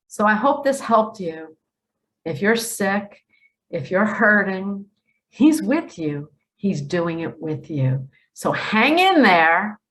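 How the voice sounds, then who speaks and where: A middle-aged woman hosting a spiritual talk, speaking earnestly and emphatically, often pleading, and dropping to a hush for quoted words. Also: mid-range voice, sing-song, slow. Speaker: spiritual video host. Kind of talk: earnest direct-to-camera monologue.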